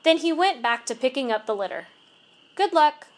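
A woman reads a first-person storybook aloud in an expressive, measured way. Her voice sits high and moves lively up and down. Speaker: reader. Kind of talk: storybook narration.

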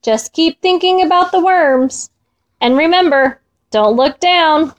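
Woman reading as an eager male storybook fox, high and coaxing, slow and encouraging. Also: lively intonation.

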